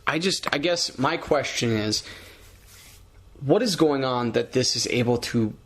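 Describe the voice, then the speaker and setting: A male podcast co-host chats casually in a measured, hedging way. His voice has a gravelly, creaky texture at a middling pitch. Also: lively intonation, fairly bright tone. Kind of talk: casual chat.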